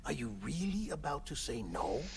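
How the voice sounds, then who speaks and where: An actor playing a calm, commanding middle-aged male official in video game cutscene dialogue, measured and persuasive. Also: fairly high pitch, vocal fry, a little hiss or hum.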